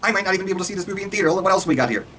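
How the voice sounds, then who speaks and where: A man reviewing a trailer in a casual, excitable rant, swearing freely and firing off points at speed. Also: sits high, slight background noise. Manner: excitable, profane, rapid-fire ranting. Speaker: video reviewer.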